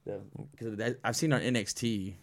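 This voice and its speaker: A man hosting a casual chat about wrestling, animated, laughing often and swearing a lot. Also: lowish voice, fairly quick. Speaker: podcast host.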